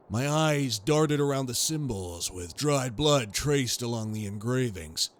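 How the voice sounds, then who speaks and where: A man's voice: medium pitch, animated. A man giving a grave, scripted sci-fi horror narration. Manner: slow, grave storytelling.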